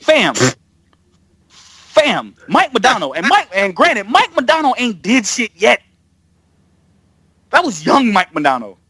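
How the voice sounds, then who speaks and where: A man in casual podcast chat, telling a story with lots of swearing and quick impressions of people. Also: very high-pitched, husky, no room sound. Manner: animated, profane storytelling with impressions. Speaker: podcast guest.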